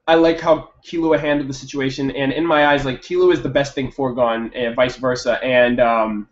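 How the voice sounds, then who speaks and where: A young man reviewing an anime episode in a casual monologue, excitable, swearing and jumping up loud when hyped. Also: mid-range voice. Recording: echoey room, dull lo-fi mic.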